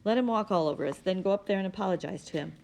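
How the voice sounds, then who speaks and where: A woman's voice: medium pitch, rapid-fire, creaky, a little mellow, lightly acted. A woman reading the lines of a bitter, rigid middle-aged mother in a clipped, cold way.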